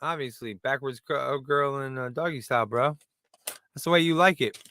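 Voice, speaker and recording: A man's voice: medium pitch, normal speed, pushed and bright. A middle-aged man doing a rambling, self-deprecating stand-up monologue as host, with many restarts. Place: room in front of a brick wall.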